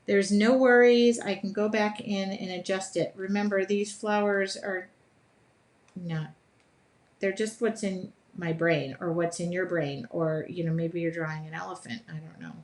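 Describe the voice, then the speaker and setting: A woman hosting a live drawing session from her art studio, chatting in an upbeat, self-deprecating way while she draws. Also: medium pitch. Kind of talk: casual live demonstration.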